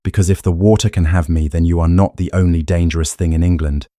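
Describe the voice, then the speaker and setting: A proud young countess of twenty-nine, voiced by a man reading the story, laying out her terms in a firm, measured way. The voice sits low and mellow. The recording is close and dry. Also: fairly even intonation, dry recording, lightly acted. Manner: firm, measured, plain-spoken. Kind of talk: audiobook character reading.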